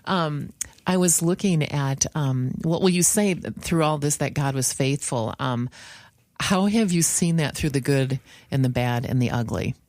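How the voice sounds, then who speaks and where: A middle-aged woman hosts a conversational interview, empathetic and chatty, leaning on fillers as she goes. Her voice sits low, and the recording is dry with no room sound. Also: measured pace, darkish tone, no echo. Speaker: podcast host.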